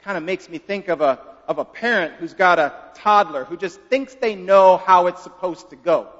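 A man preaches in a high, light voice, chatting with his congregation as much as teaching them. He keeps turning to his listeners with quick questions. The recording is dull and muffled, with a long hall echo trailing each phrase. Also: a bit bright. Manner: conversational, folksy, asks the listeners questions. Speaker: pastor. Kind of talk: sermon. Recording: dull reverberant hall sound.

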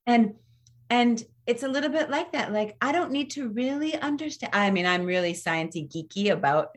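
A woman's voice: on the high side, moderate pace. Reflective woman in her fifties, chatting. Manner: reflective, animated, trails off mid-sentence. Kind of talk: casual conversation.

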